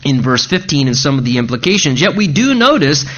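A man's voice: on the high side, big pitch swings, fairly bright tone, dull audio. Man preaching verse by verse. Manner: slows to read scripture aloud. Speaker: pastor. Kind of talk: expository sermon.

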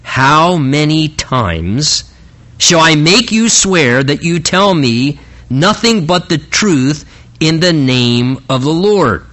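A man's voice: a little high, animated, slow pace, fairly bright tone. A preacher playing an exasperated king. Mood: irritated. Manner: exasperated, impatient. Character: irritated male king, impatient and exasperated.

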